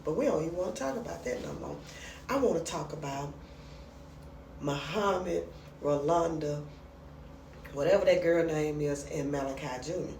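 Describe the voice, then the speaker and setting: A woman chatting casually as she recaps a comedy skit, acting out the lines in lively voices. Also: sits low, normal speed, vocal fry, long pauses, far from the mic, slight background noise. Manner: chatty, retells scenes with animated quoted voices. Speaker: reaction commentator. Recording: roomy sound from off the mic.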